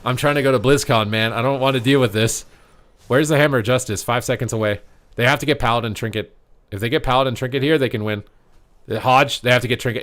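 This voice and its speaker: A man giving slangy, joking live commentary on an esports match, yelling at the big plays. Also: lowish voice. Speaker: streamer casting an esports match.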